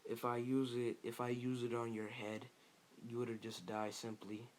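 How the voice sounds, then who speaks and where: A man's voice: mid-range voice, completely flat delivery, normal speed, slight background noise, lightly acted. A man voicing a bold, cocky young male ninja in his own plain voice, blunt and matter-of-fact. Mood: boastful.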